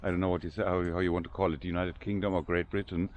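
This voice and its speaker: A German-accented man talks his way through an outdoor walk, his voice very deep and flat with little rise and fall. He stops and restarts often while he hunts for the right English words, and a faint outdoor hush sits under his voice. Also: slight background noise. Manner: halting, searching for English words, many restarts. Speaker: vlogger. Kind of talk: casual walking tour narration. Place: outdoor cemetery.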